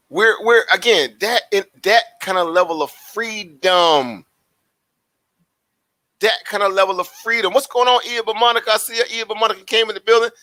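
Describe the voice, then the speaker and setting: A man hosting a casual livestream, talking in an animated, preachy way and repeating his phrases. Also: sits high, no echo. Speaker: livestream host.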